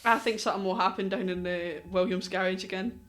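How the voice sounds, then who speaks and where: A woman's voice: medium pitch, steady tone, fast talker, fairly bright tone, a little hiss or hum. A young woman co-hosting a casual racing podcast, giggly and teasing. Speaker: podcast co-host. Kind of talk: casual chat about racing.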